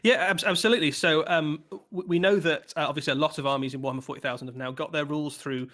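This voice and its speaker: A man's voice: on the high side, steady tone, fast, fairly bright tone. A man presenting product previews on a live stream, talking with many ums, uhs and restarts.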